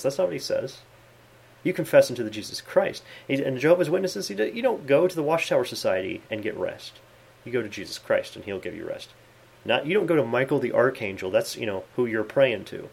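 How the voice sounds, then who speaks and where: A man with a gravelly, creaky voice of middling pitch gives an informal Bible lesson from his desk in a study. He talks earnestly and conversationally, stops to quote scripture, and fills pauses with frequent "uh" and "you know". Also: lively intonation. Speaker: Bible teacher and channel host. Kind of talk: informal video Bible teaching.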